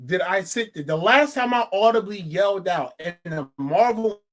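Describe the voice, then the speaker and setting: A woman co-hosting a casual movie review podcast. She talks animatedly, swears freely and hammers her points home by repeating herself. Her voice sits at a middling pitch. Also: normal speed. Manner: animated, profane, repeats phrases for emphasis. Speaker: film review co-host.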